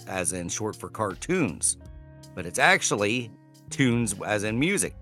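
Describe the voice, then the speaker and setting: Bright-voiced man chatting casually. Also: on the low side, sing-song, unhurried, soft background music. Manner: rambling, self-correcting, swears casually. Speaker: podcast co-host. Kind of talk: casual chat.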